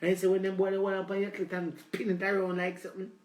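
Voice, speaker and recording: A man's voice: sits high, completely flat delivery, fast, roomy sound. A man with a Jamaican accent hosting a live stream, rambling in a preachy, comic rant aimed at his female viewers. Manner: preachy, repeats "let me tell you", addresses the ladies.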